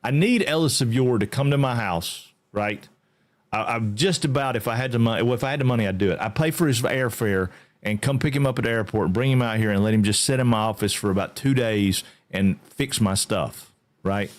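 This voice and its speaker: A man's voice: mid-range voice, fairly quick. A middle-aged man, chatting casually on a livestream, rambling and easygoing and greeting viewers by name. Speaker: game streamer.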